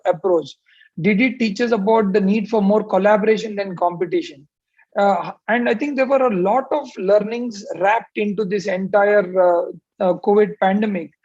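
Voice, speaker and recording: A man's voice: high voice, a little mellow. A man, a surgeon giving opening remarks on a panel over a video call, hesitant with many fillers but emphatic. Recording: muffled lo-fi call audio.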